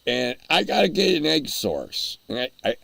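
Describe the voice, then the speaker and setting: A man's voice: medium pitch, sing-song, normal speed, creaky, sharp tone, no room sound. A man hosting a casual livestream, rambling and chuckling as he answers his chat while eating. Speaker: livestream host.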